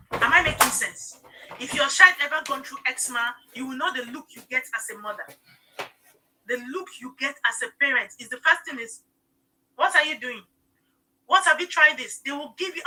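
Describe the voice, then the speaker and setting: With background noise behind her, a middle-aged woman speaks in a high voice while hosting a live stream. She pitches products casually, shares emotional personal stories in an earnest way, and often pauses to ask "okay?"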